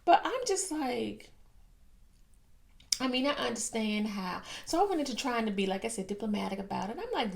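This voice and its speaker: A woman with a high, bright voice tells a story on her vlog. Her pitch leaps all over the place. She exaggerates freely and laughs as she goes. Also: normal speed, gravelly. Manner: expressive, exaggerating, laughing often. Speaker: vlog host telling a personal story. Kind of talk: animated storytelling.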